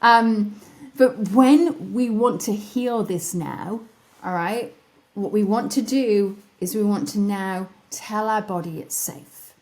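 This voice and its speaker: A middle-aged woman hosting a podcast, her voice tired, leading listeners through a gentle guided wellness exercise with repeated soft questions and playful self-mocking asides. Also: medium pitch, slow pace. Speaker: podcast host.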